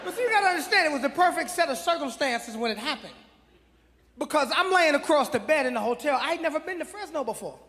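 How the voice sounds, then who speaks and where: High-voiced man telling a story on stage. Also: expressive, quick pace, sharp tone, a little hiss or hum. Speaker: guest telling his side of a story. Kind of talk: stand-up storytelling. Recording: live hall with crowd. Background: audience laughter.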